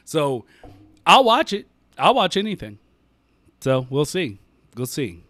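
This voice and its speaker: A man's voice: fairly high pitch, very animated, slow pace, fairly bright tone, dry recording. A man co-hosting a casual podcast chat, talking emphatically, restarting his phrases, and laughing often. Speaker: podcast co-host.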